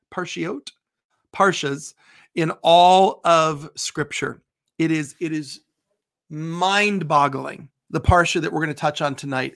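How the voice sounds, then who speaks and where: A man hosting a livestreamed show as a bishop, loud and animated, joking and breaking off mid-sentence. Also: on the high side. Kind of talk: livestream prayer and chat.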